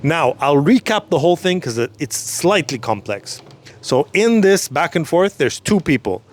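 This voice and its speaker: A man whose voice is a little high gives a brief religious lesson, patiently saying every phrase a second time at a slower pace to help the listener follow.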